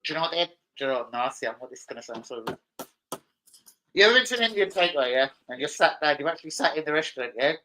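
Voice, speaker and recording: A man's voice: fairly high pitch, expressive, very fast, pushed and bright, slight background noise, low-quality recording. A young man hosting a football livestream, rambling through sweary anecdotes in casual chat. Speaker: football channel host.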